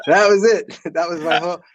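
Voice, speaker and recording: A man talking as a guest on a live podcast, telling his stories in a lively way with many fillers and restarts. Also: high voice, normal speed, no echo, poor audio. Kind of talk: animated storytelling in a live podcast.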